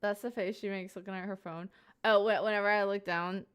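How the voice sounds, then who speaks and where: A woman's voice: medium pitch, steady tone, brisk, fairly bright tone, clean tone. A young woman live streamer chatting casually and playfully with her viewers, giggly and rambling, sitting at home at a desk mic.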